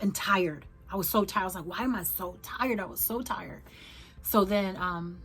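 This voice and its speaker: Woman lower-voiced, telling a hard story. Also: fairly bright tone, husky. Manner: emotional, halting, many fillers and restarts. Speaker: vlogger. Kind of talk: personal storytelling to camera.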